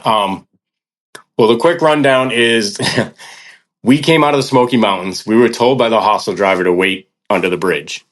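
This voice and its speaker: A man casually telling a long hiking story on a podcast, acting out the people he quotes. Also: fairly low pitch. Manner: animated, acts out quoted people. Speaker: hiker guest on a podcast.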